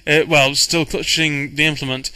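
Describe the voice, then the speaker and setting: A man's voice: a little high, level tone, moderate pace, bright, forceful tone, clean tone, no room sound, rough recording. A man, a game master, casually recounting his tabletop campaign in a rambling way, with frequent restarts and fillers. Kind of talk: casual storytelling recap.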